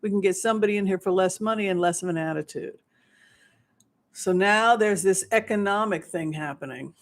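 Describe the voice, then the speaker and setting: A psychic remote viewer answering questions live in a rambling monologue, with frequent restarts and acted-out quotes. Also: mid-range voice.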